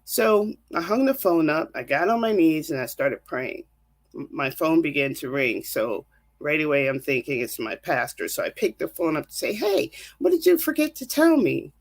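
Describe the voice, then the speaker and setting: A woman's voice: sits low, expressive, moderate pace. A woman counselor telling a personal faith testimony in an earnest, vivid storytelling manner. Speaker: counselor and guest.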